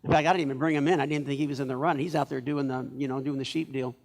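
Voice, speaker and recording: Speaking rapid-fire in a mid-range voice, a church pastor delivers a sermon. He tells stories in a lively way and acts out the lines of the people in them.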